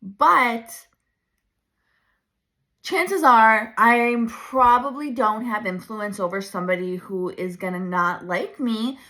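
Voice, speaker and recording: A woman in her thirties coaching her viewers in a chatty, animated way, laughing often. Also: on the high side, slow. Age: 30s. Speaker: branding coach. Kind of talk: casual coaching talk to camera.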